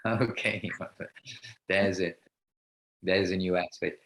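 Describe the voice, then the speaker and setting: Low-voiced man, rambling spiritual teacher. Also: steady tone, fairly bright tone, poor audio. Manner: rambling, halting, with frequent restarts. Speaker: spiritual teacher leading class. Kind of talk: online class talk. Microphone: video call.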